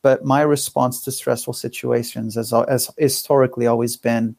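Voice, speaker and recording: A man talking as a podcast guest, thoughtful and candid, speaking in halting phrases with frequent restarts. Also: mid-range voice, fairly even intonation, creaky, a little mellow, no echo. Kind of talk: reflective conversational interview.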